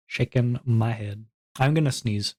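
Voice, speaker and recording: A VTuber streamer in casual live-stream chat, joking around and reading viewers' messages aloud before answering them. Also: medium pitch. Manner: playful, goofy, jokey banter.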